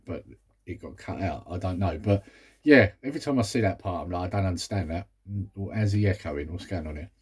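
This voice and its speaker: A man's voice: deep voice, a little mellow, husky. A British man talking casually about a film he reviews, rambling with exasperated asides. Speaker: movie review vlogger. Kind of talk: casual chat.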